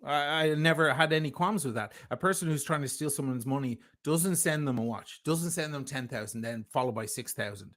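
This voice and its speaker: A man defends himself on a heated livestream. He is emphatic and sarcastic, and his voice sits at an ordinary mid pitch. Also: fairly quick, few pauses, fairly bright tone. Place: lives in Venice.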